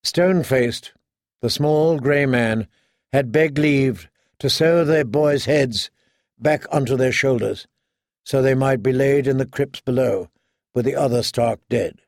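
A man reading a fantasy story aloud in measured, dramatic narration. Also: medium pitch, dry recording, clean studio sound. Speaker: audiobook narrator. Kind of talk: scripted narration.

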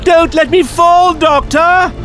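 A man voicing a many-limbed female alien creature, shrill and desperate. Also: fairly even intonation, slow, over music. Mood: terrified.

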